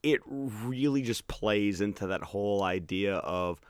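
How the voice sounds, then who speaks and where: A man's voice: fairly low pitch, unhurried, clean tone, no echo, clean studio sound. An American man, an English teacher, chatting casually about a film and quoting lines in mock voices. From United States. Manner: animated, quotes lines in mock voices, laughs often.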